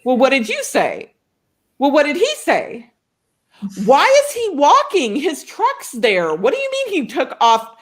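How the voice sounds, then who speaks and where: Woman imitating a fed-up mom, scolding, rapid questions, higher pitch. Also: huge pitch swings, exaggerated voice. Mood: indignant. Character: exasperated, scolding middle-aged mother.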